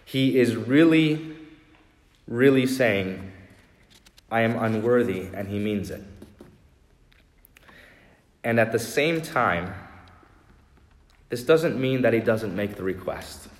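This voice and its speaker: A man's voice: mid-range voice, lively intonation. Earnest preaching man in an echoey church. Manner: earnest preaching, slowing and softening for emphasis. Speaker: pastor. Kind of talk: sermon.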